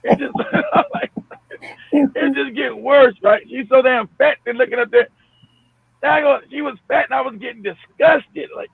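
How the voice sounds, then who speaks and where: A high-pitched, gravelly man tells a crude story, laughing and swearing as he acts out the quotes. He sounds middle-aged, and his voice comes through a tinny, dry phone line. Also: normal speed. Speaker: caller telling a story.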